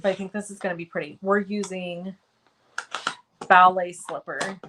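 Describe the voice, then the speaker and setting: Her voice is lowish and fairly even, moving at a moderate pace against background noise, as she hosts a live cardmaking tutorial. This crafting streamer chats while working and responds to viewers by name, often at her own expense.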